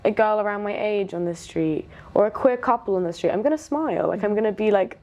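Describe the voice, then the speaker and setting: A young woman being interviewed, talking candidly and reflectively, often pausing and restarting her sentences. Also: medium pitch, expressive, dark tone, dull audio. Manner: reflective, hesitant, many restarts, laughs while retelling stories. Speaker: interview guest.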